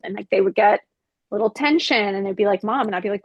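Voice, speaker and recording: A woman's voice: mid-range voice, fairly even intonation, fast talker, no room sound, highs cut off. A woman in her fifties, a podcast guest, telling a personal story in a frank, emphatic way and acting out old arguments. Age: 50s.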